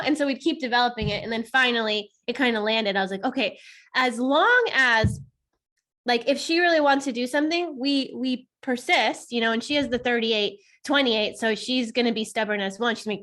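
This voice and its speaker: A woman with a high, bright voice talking casually on a podcast. She is animated, laughs a lot and swears in passing. She acts out quoted lines with shifting tone. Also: a little fast. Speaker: co-host.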